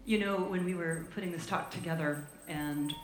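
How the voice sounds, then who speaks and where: A woman's voice: fairly low pitch, steady tone, moderate pace, slight background noise. A woman co-leading a church talk, humorous and bantering with her partner. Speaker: co-minister. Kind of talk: sermon talk. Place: church sanctuary. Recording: roomy hall sound.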